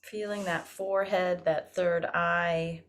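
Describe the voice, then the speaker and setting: A woman acting coach leading a playful vocal warm-up over a video call, laughing often and encouraging. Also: on the low side, fairly even intonation, slow pace, slight background noise.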